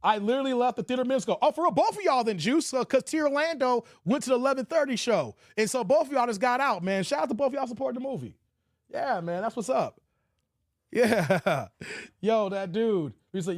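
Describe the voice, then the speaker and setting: A man with a high voice hosts a casual livestream and talks through a movie in an animated, slangy way. He is recorded dry and close on a desk mic. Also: normal speed, no echo. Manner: animated, slangy, laughs often. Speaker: livestream host.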